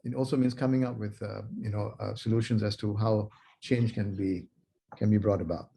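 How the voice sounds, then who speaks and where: A man on a video call closing his presentation as a panelist, speaking in a measured, emphatic way and laying out his points one by one. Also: lowish voice, fairly even intonation, creaky, dark tone.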